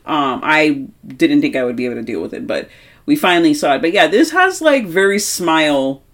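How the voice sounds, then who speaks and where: Her voice sits low and moves fairly quickly. As co-host of a horror movie podcast, this young woman talks with animated emphasis and plenty of swearing in a casual conversation.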